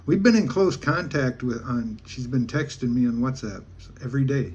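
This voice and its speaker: A man from Alaska tells a casual travel story in a rambling, folksy way, often stopping and restarting his sentences. His voice has a husky edge, and his pitch sits in the middle range for a man. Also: normal speed, a little mellow. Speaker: travel vlogger.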